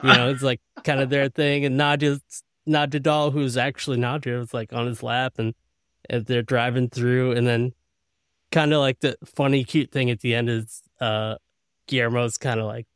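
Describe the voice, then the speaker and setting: Smooth-voiced man, dry close sound. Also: medium pitch, level tone, moderate pace, a bit bright, no room sound. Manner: chuckling, adds details in loose run-on sentences. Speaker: podcast co-host. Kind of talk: casual episode recap chat.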